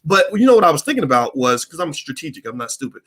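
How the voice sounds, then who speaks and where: A middle-aged man hosting a Q&A stream, telling a story in a blunt, profane, animated way. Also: a little high, fast. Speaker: host of a Q&A stream. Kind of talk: candid storytelling monologue.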